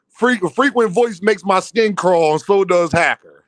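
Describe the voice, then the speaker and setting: High-voiced man trash-talking on a stream. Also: moderate pace, dry recording. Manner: teasing, trash-talking, laughing often. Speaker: livestream host. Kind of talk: casual livestream banter.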